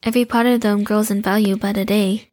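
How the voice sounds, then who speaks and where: A woman voicing a young female shapeshifter in an audio drama, speaking in a calm, courteous and measured way. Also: mid-range voice, no echo, lightly acted.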